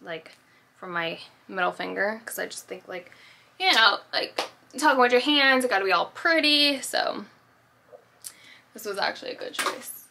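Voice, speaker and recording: A woman's voice: mid-range voice, expressive, moderate pace, vocal fry, pauses often, slight background noise. A woman chatting casually through a shopping haul vlog. She rambles and pokes fun at herself. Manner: chatty, rambling, self-deprecating. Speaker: YouTube vlogger.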